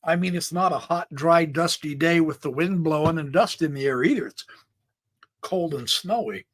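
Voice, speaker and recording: A man hosting a live chess stream, chatty and excitable, calling out moves as he plays them and thinking aloud, a bit sneezy today. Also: on the high side, normal speed. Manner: chatty, excitable, exclamations and laughs. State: sneezy, stuffed up. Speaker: chess livestream host.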